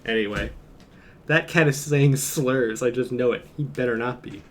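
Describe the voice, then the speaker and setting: A man's voice: medium pitch, steady tone, moderate pace, a little hiss or hum. A man streaming from home, chatting casually in a rambling, jokey way and chuckling often. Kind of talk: casual live-stream chat.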